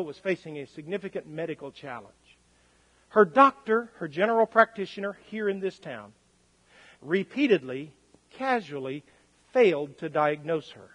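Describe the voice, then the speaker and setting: A male pastor preaching a sermon, telling stories and swinging between loud and quiet. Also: high voice. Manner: storytelling with lively swings in volume. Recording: long church hall reverb.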